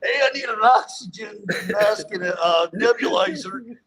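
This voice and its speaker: A man's voice: high voice, normal speed, crowd noise, poor audio. A man live-streaming outdoors on a headset, joking around and mocking himself as he stages a silly street stunt. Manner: goofy, self-mocking, rambling. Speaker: livestreamer staging a mock audit. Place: outdoors on a city street by concrete.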